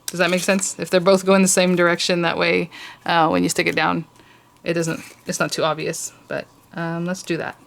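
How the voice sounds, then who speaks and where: A woman's voice: on the low side, flat delivery, normal speed, creaky. A woman hosting a casual crafting tutorial, chatty and gushing over cute details as she works.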